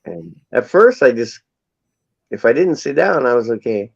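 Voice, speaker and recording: A man's voice: medium pitch, sing-song, normal speed, creaky, husky, no room sound. A man telling a long rambling anecdote in casual chat. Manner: rambling anecdotal storytelling with acted quotes. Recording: dull lo-fi sound.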